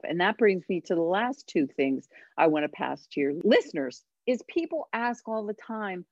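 A woman parenting coach and author, a radio interview guest, speaking emphatically and giving tips with dramatic pauses. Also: lowish voice, sing-song, no echo, dull audio.

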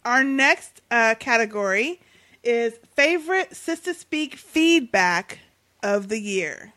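A woman co-hosting a podcast in casual chat, playfully announcing award winners with drawn-out drumroll pauses. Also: a little high, animated, sharp tone. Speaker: podcast co-host.

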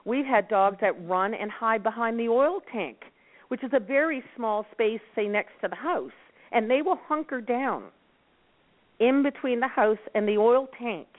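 A woman from Nova Scotia who founded a dog rescue network, calmly giving advice as a guest on a radio talk show. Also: fairly high pitch, normal speed. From Nova Scotia, Canada. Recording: tinny phone line.

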